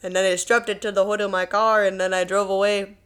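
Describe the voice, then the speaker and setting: A woman's voice: mid-range voice, level tone, brisk, fairly bright tone, smooth, close to an everyday voice. A woman putting on a rural small-town local who rambles through a tall tale in long run-on sentences. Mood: folksy.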